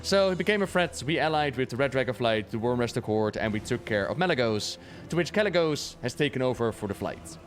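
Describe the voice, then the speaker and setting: A man's voice: medium pitch, animated, brisk, faint music behind. A man streaming a video game, chatting casually about its lore with jokes and casual swearing. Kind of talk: casual lore commentary while playing.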